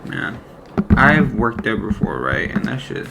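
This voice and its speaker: A man's voice: mid-range voice, very animated, measured pace, vocal fry, heavy background noise. Rambling young man telling a profane story. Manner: rambling and profane, heavy slang fillers. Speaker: former deli worker telling a story. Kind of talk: casual personal storytelling.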